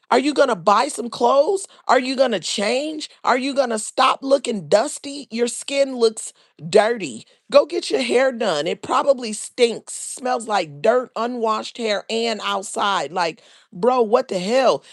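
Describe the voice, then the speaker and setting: A woman's voice: a little high, no echo, clean studio sound. A woman hosting a live reaction stream, talking bluntly and sassily in slang. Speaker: livestream reaction host. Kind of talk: casual live reaction commentary.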